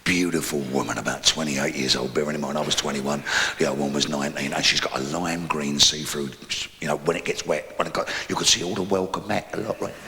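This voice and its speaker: A man with a London accent doing a live stand-up routine, telling crude stories in a brash way and shouting his punchlines. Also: a bass voice, steady tone, fast talker, long reverb tail, slight background noise. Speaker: stand-up comedian. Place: live comedy venue.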